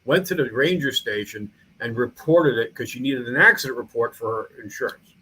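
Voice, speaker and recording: Man, middle-aged, interview guest, animated rambling storyteller, many restarts, mid pitch. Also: normal speed, slightly rough, poor audio. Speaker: guest, small-town mayor and museum founder.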